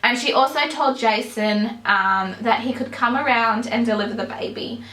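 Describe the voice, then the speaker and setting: A woman's voice: a little high, moderate pace, pushed and bright. A young woman vlogger telling a personal story to camera in a chatty way, with many ums and likes. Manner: chatty, many "um"s and "like"s, bursts of laughter. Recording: echoey room.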